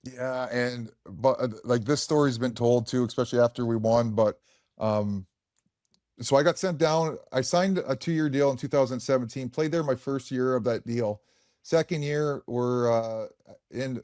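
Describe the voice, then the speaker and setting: A man's voice: mid-range voice, a little mellow, no room sound, clean studio sound. A man in his forties, a former hockey player, telling stories on a podcast in a frank, rambling way full of fillers and swearing. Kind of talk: casual podcast storytelling.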